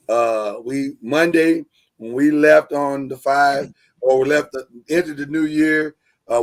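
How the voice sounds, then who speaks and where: A man hosting a live sports talk show online, energetic and joking, loose with fillers. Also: mid-range voice. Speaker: host.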